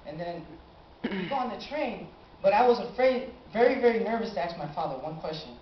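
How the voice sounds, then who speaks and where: An eighteen-year-old man telling a personal story on stage, animated and acting out his own reactions. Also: high voice, a little fast, few pauses, slight background noise. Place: live stage in a small cafe venue. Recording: roomy, dull amateur live recording.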